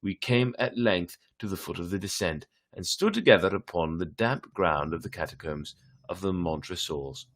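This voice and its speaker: A man reading a classic story aloud on a live stream, unhurried, with small slips and self-corrections. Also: deep voice, lively intonation, fairly bright tone. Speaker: story reader.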